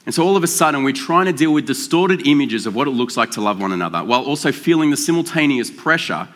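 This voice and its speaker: A man preaching a sermon in a relaxed, joking, conversational way, slowing down to stress key words. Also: mid-range voice. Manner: conversational and joking, with drawn-out emphasis. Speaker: pastor. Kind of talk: casual sermon.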